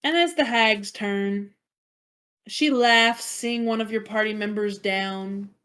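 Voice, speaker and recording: A woman's voice: mid-range voice, slow, fairly bright tone, clear, resonant tone. A woman narrating as game master of a tabletop game, calling rolls and describing the enemies' turns.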